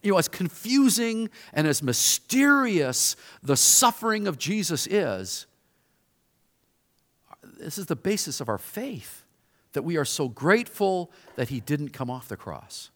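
Man delivering a sermon; voices the crowd mid-story, pitch swings widely, sits a touch high. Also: unhurried. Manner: animated storytelling, acts out bystanders' voices. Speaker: pastor.

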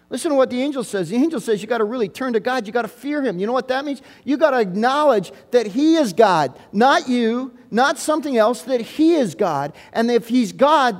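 A man preaching in a church sanctuary, his voice pitched high for a man. He hammers each point home with short, repeated phrases. The sound rings out with a long reverb in the big room. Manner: emphatic, repeats key phrases for emphasis. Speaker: pastor. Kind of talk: sermon.

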